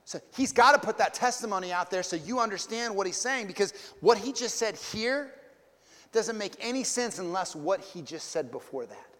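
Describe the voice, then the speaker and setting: A man preaching a sermon as pastor, animated and conversational, swinging from loud emphatic peaks to hushed asides, with repeated words and casual slang. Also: sits high, normal speed, in a large hall.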